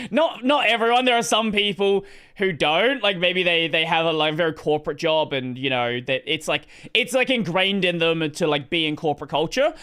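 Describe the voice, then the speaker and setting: A man's voice: on the high side, pushed and bright, smooth. An Australian man streaming and chatting casually, blunt and rambling, laughing and swearing freely.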